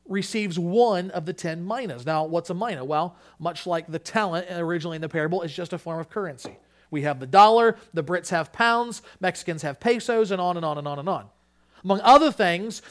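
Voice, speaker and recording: A man preaching a sermon, earnest, shifting his emphasis and restarting a few phrases as he goes. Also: high-pitched. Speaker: pastor.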